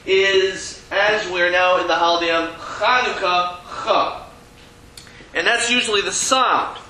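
A man's voice: high-pitched, steady tone, measured pace, bright, forceful tone, reverberant, slight background noise, low-quality recording. A man teaching a Hebrew reading class, chatty and self-deprecating, often restarting his sentences. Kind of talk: classroom lesson. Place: classroom with a board.

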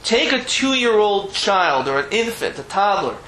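A man's voice: high voice, very animated, measured pace, pushed and bright, reverberant, slight background noise, low-quality recording. A man giving a Torah lesson, explaining texts with Hebrew terms and frequent restarts. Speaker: rabbi teaching Torah.

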